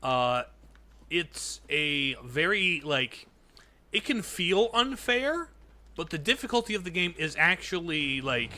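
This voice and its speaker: A man's voice: on the high side, big pitch swings, takes it slowly, bright, forceful tone. A young man streaming a video game, chatting casually and reacting aloud as he plays, with faint game music behind him. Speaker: gaming streamer. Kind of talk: casual gameplay commentary.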